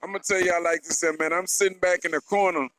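A man's voice: high-pitched, fairly even intonation, fast, fairly bright tone. A man hosting a radio interview at a music festival venue, hyped and slangy, repeating himself. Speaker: radio show host. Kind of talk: hype interview intro.

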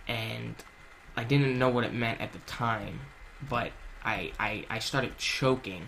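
A man's voice: mid-range voice, takes it slowly, gravelly, a bit bright, slight background noise. A man casually narrating a personal story while playing a game, swearing a lot and restarting his sentences, earnest and confessional. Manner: casual, heavy swearing, many fillers and restarts. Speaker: gaming channel host.

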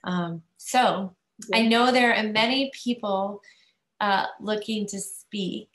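A woman's voice: mid-range voice, a bit bright. Woman near tears, echoey room. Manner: halting, many fillers, near tears. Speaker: school committee chair. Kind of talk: emotional farewell tribute at a meeting.

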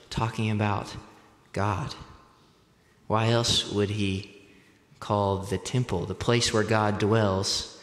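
A young man preaching a sermon as pastor, deliberate and measured, picking up speed when telling personal stories. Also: fairly low pitch, little pitch movement, fairly bright tone. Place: church sanctuary. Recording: echoey church hall.

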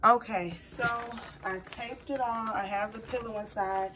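A woman's voice: medium pitch, steady tone, a little slow. A woman talking viewers through a craft project in casual vlog chat, nervous and chatty, calling them y'all. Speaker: crafting vlogger. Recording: slightly distant mic with faint noise.

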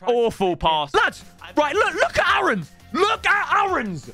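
A young man, reacting loudly to match footage as a YouTuber, shouting at the screen and bantering in slang. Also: very high voice, huge pitch swings, a little slow, soft background music. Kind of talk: excited reaction commentary over match footage.

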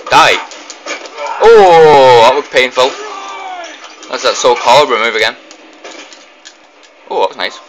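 A young man giving excitable let's play commentary, blurting reactions and mild swearing as he fights. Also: mid-range voice, moderate pace, long pauses, poor audio. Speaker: gaming commentator.

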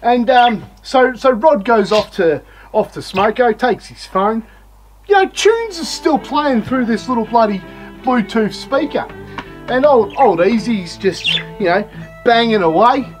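A man's voice: very high voice, animated, measured pace, faint music behind, rough recording. A man with an Australian accent hosting a casual beer review, rambling and swearing in blokey banter. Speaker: beer reviewer and show host.

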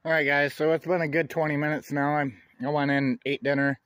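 A man narrating his workshop project in a relaxed, chatty way, talking while he works outdoors. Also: a little high, brisk, dry recording. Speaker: DIY off-grid vlogger.

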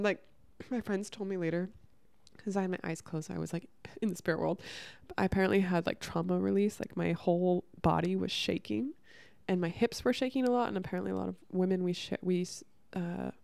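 Woman, mellow warm tone, dry close sound, earnest rambling spiritual monologue. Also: fairly low pitch, a little fast, gravelly, dry recording. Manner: earnest, rambling with many fillers. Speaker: spiritual content creator. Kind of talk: candid personal monologue.

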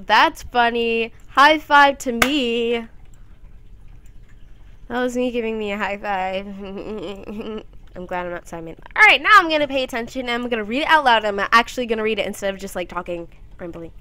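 Teen girl, casual gameplay commentary: rambling, giggly, playful, quick to squeak into goofy voices. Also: bright, forceful tone, dry recording. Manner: jumps into silly high voices.

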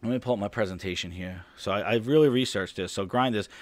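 A man's voice: on the low side, quick pace, no echo. A man hosting a gaming stream, rambling and sarcastic, with plenty of profanity. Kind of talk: casual gaming podcast rant. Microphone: studio-quality microphone.

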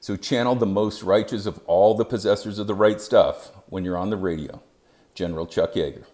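A man giving scripted narration as an EMS educator, with a measured, even delivery. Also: lowish voice.

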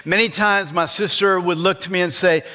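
High-voiced man preaching a sermon. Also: fairly even intonation, moderate pace, bright, forceful tone. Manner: conversational, asks the congregation questions. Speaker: pastor. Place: church.

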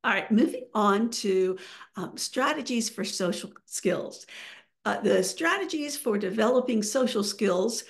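A woman's voice: on the high side, lively intonation, slow pace. A woman giving a webinar presentation over a video call, talking with many fillers and restarts.

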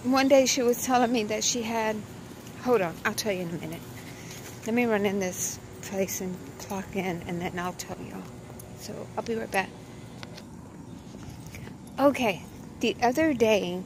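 Sitting in her car before work, a young vlogger rambles through a casual story packed with fillers. Her voice is fairly high, and the low-quality recording carries a little hiss or hum.

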